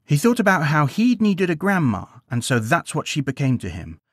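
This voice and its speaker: Male storyteller, bedtime tale narration, lively intonation, dry close recording. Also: fairly high pitch, moderate pace, no room sound. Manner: gentle, expressive storytelling.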